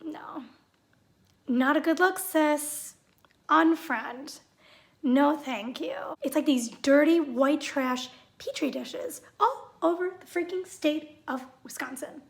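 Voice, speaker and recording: A woman's voice: high voice, slow pace. A woman vlogger ranting in a sarcastic, exasperated way to her viewers. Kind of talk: ranting vlog monologue.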